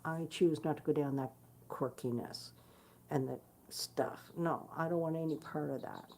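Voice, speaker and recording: A woman with a low, mellow voice chats straight to her online followers in a loose, unscripted way. She is blunt and swears freely, stumbling through fillers and restarts. Faint noise hums under the recording. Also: fairly even intonation, normal speed. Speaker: guitarist hosting her own stream. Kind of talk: casual direct-to-camera chat.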